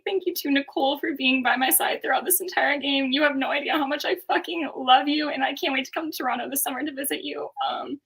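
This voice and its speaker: A woman's voice: sits high, fairly bright tone, poor audio. A woman thanking everyone as the game's winner, emotional and rambling, swearing freely. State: emotional, near tears. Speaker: game winner. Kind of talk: casual acceptance speech.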